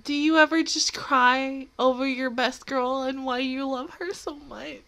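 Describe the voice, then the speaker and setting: A woman's voice: sits high, steady tone, unhurried, pushed and bright. A woman hosting an anime reaction video, gushing and squealing over her favorite character, tearful and emotional as she talks. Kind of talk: live reaction commentary.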